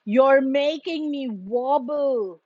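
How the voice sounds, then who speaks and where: A woman's voice: high voice, very slow, a little mellow, no room sound, muffled recording. A woman voicing a little brown bear cub in a children's storybook, speaking in a sweet, earnest way. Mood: nervous.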